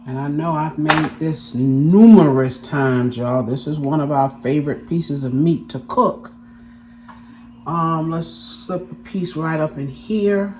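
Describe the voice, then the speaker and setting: A woman's voice: sits low, takes it slowly, noisy background. A woman hosting a casual cooking demonstration in her home kitchen, chatting and often checking in with her viewers. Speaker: cooking channel host.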